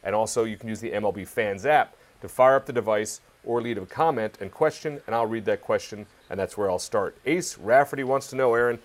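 A man hosting a live fan question show, energetic and hyping up the audience. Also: fairly low pitch, brisk, hardly any pauses. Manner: energetic, hypes fans up. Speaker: host.

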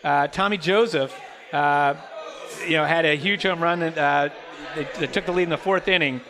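Chatty man telling stories, slightly high voice. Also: normal speed, fairly bright tone. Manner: rambling storyteller, laughs often. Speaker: host. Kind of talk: casual baseball podcast chat.

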